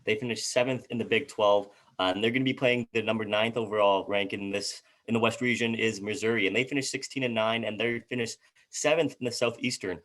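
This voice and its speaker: A man's voice: on the low side, fairly even intonation, brisk, fairly bright tone. A man co-hosting a casual sports chat, reading out team records and stumbling over player names. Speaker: co-host.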